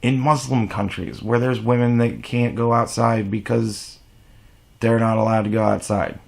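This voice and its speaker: A man's voice: medium pitch, fairly even intonation, moderate pace, creaky. A man delivering a blunt, profane, exasperated rant to camera as a vlogger. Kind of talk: ranting monologue to camera.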